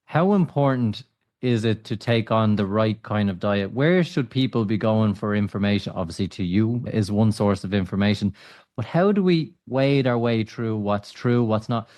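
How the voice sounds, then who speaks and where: A man's voice: on the low side, expressive, normal speed, darkish tone. A man hosting a podcast, asking questions and teasing his guests. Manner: laughs along, teasing. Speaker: podcast host. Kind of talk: interview questions.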